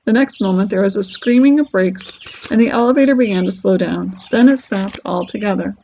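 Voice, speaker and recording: Gravelly woman reading a storybook. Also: mid-range voice, brisk, a little hiss or hum. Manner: lively, expressive storytelling. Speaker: storybook reader. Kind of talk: reading a children's book aloud. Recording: dull lo-fi recording.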